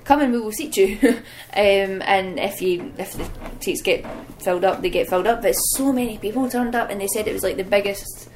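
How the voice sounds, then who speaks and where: A woman's voice: mid-range voice, normal speed, hardly any pauses, a little hiss or hum. A young adult woman, a professional wrestler guest on a podcast, telling stories casually and acting out what people said, often laughing. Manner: animated, acts out quotes in other voices, laughs often. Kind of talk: casual storytelling chat.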